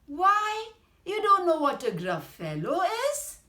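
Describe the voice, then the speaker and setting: A clever, bold little mouse from a bedtime storybook, put on by a woman reader with an Indian English accent. The telling swoops up and down with lively pitch, slow and deliberate. It sits in a roomy, echoey space. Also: exaggerated voice. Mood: boastful. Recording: roomy echo.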